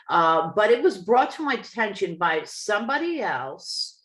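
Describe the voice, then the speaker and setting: Animated Jersey woman telling a story. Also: a little high, moderate pace, few pauses, reverberant. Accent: New Jersey. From New Jersey. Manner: animated, acts out quoted people, laughs often. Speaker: podcast co-host, medium. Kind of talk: casual storytelling chat.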